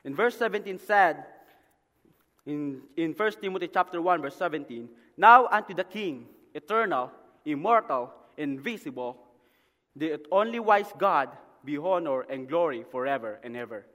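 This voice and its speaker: A man preaching a sermon as a missionary, often asking "Amen?" between phrases and dropping to a quiet murmur when he prays. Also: on the high side, expressive, normal speed. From Philippines. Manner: drops to a quiet murmur in prayer. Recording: long hall reverb.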